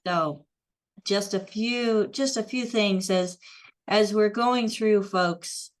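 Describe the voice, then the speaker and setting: A woman's voice: mid-range voice, takes it slowly. A woman hosting an online show, upbeat, reading out viewer comments. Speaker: host.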